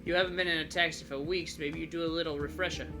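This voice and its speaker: A man's voice: fairly high pitch, steady tone, fast talker, over music, lightly acted. A man voicing a worried, fatherly middle-aged taxi boss with a New York accent, talking business. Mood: earnest. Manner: pushy, talks business.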